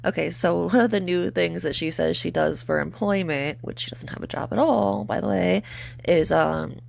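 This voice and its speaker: A woman's voice: lowish voice, normal speed, a little mellow. A woman hosting a commentary rant, mocking and profane, with a sarcastic edge. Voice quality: gravelly vocal fry. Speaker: commentary channel host.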